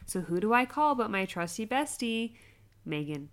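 Young woman, animated storytelling. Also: mid-range voice, moderate pace, slight background noise. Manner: animated storyteller, acts out quotes, laughs often. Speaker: podcast co-host. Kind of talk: casual chat.

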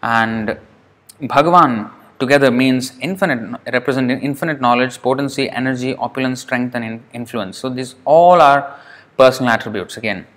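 A man's voice: medium pitch, normal speed, fairly bright tone. Man teaching a scripture class. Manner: reads a passage aloud, then explains it with rhetorical questions.

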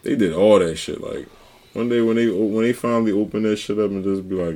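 A man's voice: fairly low pitch, a little fast, warm tone. A man in loose, profane casual podcast talk who often acts out quoted lines. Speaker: podcast guest.

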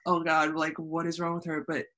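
Lively woman podcast host telling stories. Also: low voice, moderate pace. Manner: animated storyteller, acts out quotes, laughs often. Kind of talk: casual conversational interview.

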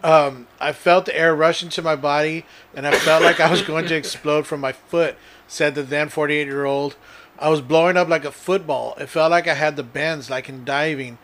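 A man's voice: fairly high pitch, fairly even intonation, normal speed, fairly bright tone, slight background noise. A man co-hosting a casual podcast, reading odd news stories aloud and often laughing as he reads. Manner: laughs while reading, playful. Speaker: podcast co-host.

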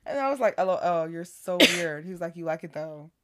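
A woman's voice: on the low side, expressive, brisk, slight background noise. A woman co-hosting a podcast, chatting casually, animatedly retelling text messages and laughing often. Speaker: podcast co-host. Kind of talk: casual chat, storytelling.

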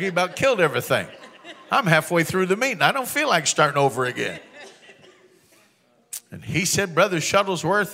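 Folksy preacher in an echoing hall. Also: male voice, high voice, bright, forceful tone. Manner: folksy, humorous, builds to emphatic proclamations. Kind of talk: storytelling sermon.

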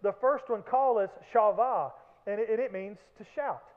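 A man preaching a sermon as pastor, animated, with acted-out shouts and joking asides. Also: high-pitched, normal speed. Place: church sanctuary. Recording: echoey hall, phone-like band.

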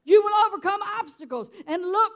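A woman's voice: extremely high pitch, animated, fairly quick, fairly bright tone. A middle-aged woman, preaching a folksy, chatty sermon and laughing often.

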